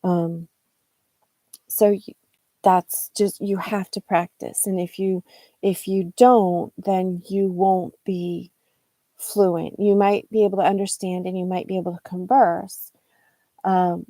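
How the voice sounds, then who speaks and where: Woman English teacher, live-stream lesson; slow, warm, gravelly delivery, dry close sound, thinks aloud with restarts. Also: fairly low pitch, little pitch movement, no room sound.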